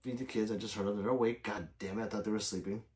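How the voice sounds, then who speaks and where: A man's voice: fairly low pitch, fairly even intonation, rapid-fire, a little mellow. A middle-aged man hosting a casual late-night livestream, reading chat aloud and answering viewers by name, rambling loosely and swearing often.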